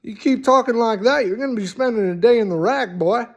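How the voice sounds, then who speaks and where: A man's voice: very high-pitched, brisk, pitched above the performer's own voice. A man voicing a folksy, kindly male town mayor with a drawling, homespun manner. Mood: folksy stern.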